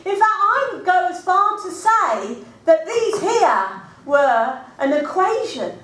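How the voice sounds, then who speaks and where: A scatterbrained, self-mocking woman, played by an actress rambles through a comic stage monologue. Her high voice leaps around as she talks, heard from a distance in a roomy hall. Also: very animated, takes it slowly, fairly bright tone, heavily acted. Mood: rambling. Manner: chatty, rambling, self-deprecating.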